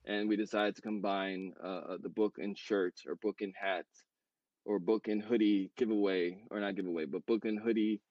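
A man in casual podcast chat about his brand, rambling with many fillers and quick self-corrections. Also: fairly low pitch, steady tone, no room sound, dull audio. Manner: talks fast. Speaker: co-founder of a clothing brand.

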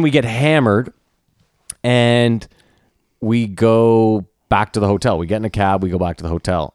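A man in his thirties, a podcast co-host, telling a long story in casual chat, animated and profane, acting out what others said. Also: fairly low pitch, no room sound, studio quality. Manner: animated, profane, acts out quoted voices.

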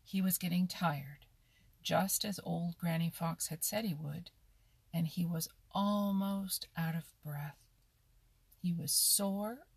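A woman reads a children's animal story aloud in a slow, expressive manner. Her voice is low and husky with some gravel in it. The recording is close and dry. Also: no room sound. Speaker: narrator. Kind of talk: storybook reading.

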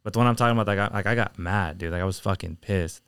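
Young dude cohosting a podcast, low voice, talks fast, swears a lot, dry close mic. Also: male voice, clear, resonant tone, no room sound. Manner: animated, heavy swearing, storytelling. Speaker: podcast co-host. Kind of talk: casual chat.

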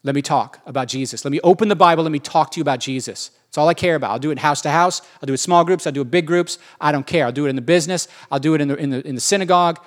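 Man doing a zealous apostle, can't stop preaching, hammering every line, kinda high voice. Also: rapid-fire, hardly any pauses, lightly acted. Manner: driven, repetitive, declarative. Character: fervent apostle, man, single-minded preacher. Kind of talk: sermon.

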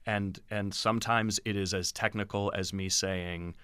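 In a deep, bright, forceful voice that sounds clear and resonant, a man who directs theatre and teaches acting explains his approach to directing and teaching actors in an interview. He speaks at a measured pace with animated, explanatory delivery, recorded dry and close with no echo.

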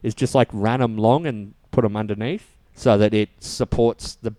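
A man's voice: on the low side, steady tone, normal speed, dark tone, dry recording. A man, co-hosting a casual podcast recap and explaining things in a wry way. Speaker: podcast co-host.

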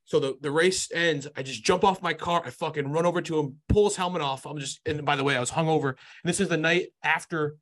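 A young man in his twenties tells a story in casual podcast chat, brash and full of swearing. His voice sits a bit high for a man. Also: quick pace, few pauses, a bit bright. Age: young adult.

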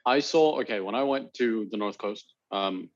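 A man co-hosting a podcast in casual chat, chiming in with quick jokes. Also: fairly low pitch, muffled recording. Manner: quick to laugh and chime in with jokes. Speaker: podcast co-host.

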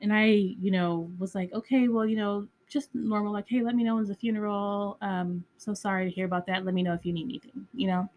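A woman's voice: medium pitch, steady tone, a little fast, hardly any pauses, phone-quality sound. A woman hosting a podcast, telling a personal story in a candid, casual way, with frequent swearing and lots of "like" and "you know". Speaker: podcast host.

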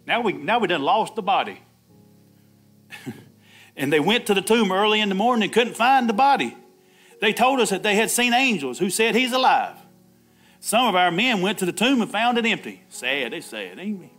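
Lively laughing preacher man. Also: high voice. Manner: laughing often, calls "Amen" and acts out Bible dialogue. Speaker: pastor. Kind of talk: Easter sermon.

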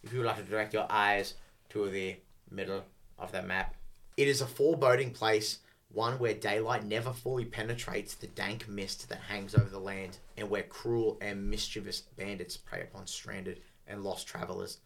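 A man with a fairly low voice hosts a relaxed podcast chat. He reads game-book passages aloud, often stumbling and restarting as he goes. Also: creaky. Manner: chatty, halting restarts when reading. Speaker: podcast host.

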